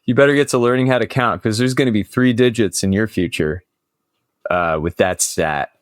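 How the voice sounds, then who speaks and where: A man's voice: lowish voice, moderate pace, no room sound, studio quality. A young man co-hosting a casual podcast, joking with mock-expert bravado. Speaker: podcast co-host. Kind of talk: casual debate chat.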